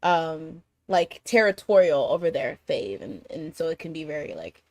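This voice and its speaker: A woman hosting a casual anime chat, rambling through a recap with many fillers and quick laughs. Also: low-pitched, very animated, a little mellow, no room sound. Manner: chatty, lots of fillers and laughter. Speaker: podcast host.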